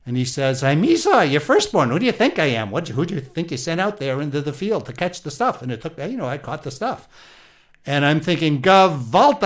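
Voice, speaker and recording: A man doing an animated old Isaac, Yiddish-inflected. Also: fairly high pitch. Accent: Yiddish-inflected English. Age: older. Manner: chatty, animated old-world storyteller full of Yiddish exclamations. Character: aging biblical patriarch, old man, aggrieved and storytelling. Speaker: interviewee. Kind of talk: comedic improvised interview.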